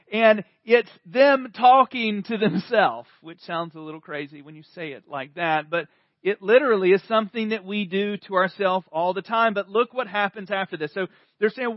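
A man's voice: high voice, moderate pace, no echo, highs cut off. A male pastor preaching a sermon in a conversational way, rising to emphatic swells. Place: church service.

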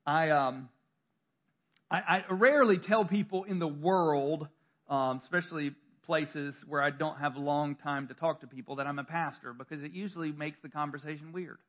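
A man's voice: on the high side, moderate pace, highs cut off. A male pastor preaching a sermon in a church, talking conversationally with self-deprecating stories, restarts and laughter.

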